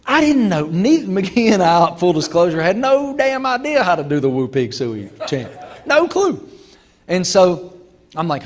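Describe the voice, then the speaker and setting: A middle-aged man tells stories at a club speech. His pitch sits a bit high and swings widely as he acts out other people's voices. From Virginia. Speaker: guest speaker. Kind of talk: storytelling speech. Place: banquet hall.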